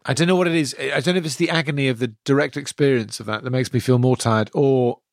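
A man co-hosting a comedy chat podcast, telling jokes in a dry, deadpan way. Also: medium pitch, quick pace, vocal fry, no echo. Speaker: podcast co-host.

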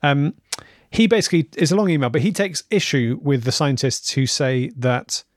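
A man's voice: a little high, moderate pace, no echo. A man from England co-hosting a comedy podcast, reading listener emails aloud with dry amusement. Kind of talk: casual chat.

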